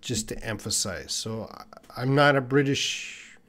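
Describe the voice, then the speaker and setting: A man in his forties teaches English in a live-streamed lesson, slowly repeating phrases so viewers can practice pronunciation. He has a medium-pitched voice and talks in a relaxed way, thinking aloud as he responds to chat comments.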